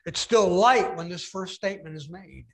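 A man's voice: high-pitched, normal speed. A man preaching a sermon, retelling a Bible story with dramatic emphasis and acting out the voices.

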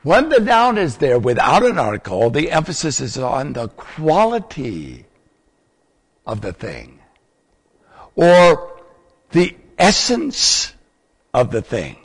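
Animated preacher in an echoing hall. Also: male voice, on the high side, slow pace, pauses often, breathy edge. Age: older. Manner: teacherly, asks the audience questions. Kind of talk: sermon teaching. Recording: long hall reverb.

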